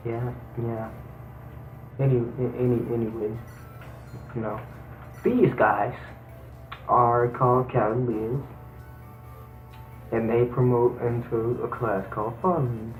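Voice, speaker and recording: A man's voice: mid-range voice, roomy sound, narrow, tinny audio. A man casually reading a game's dialogue aloud and switching between hammy character voices and plain chatter. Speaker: let's play host voicing the game's characters. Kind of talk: casual gameplay commentary with acted dialogue readings.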